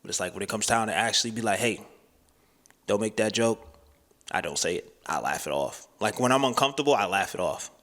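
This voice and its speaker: Brief: candid male vlogger, bright tone, rambling slangy delivery, long reverb around him. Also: on the low side, lively intonation, fast, hardly any pauses. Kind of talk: casual talking-to-camera vlog.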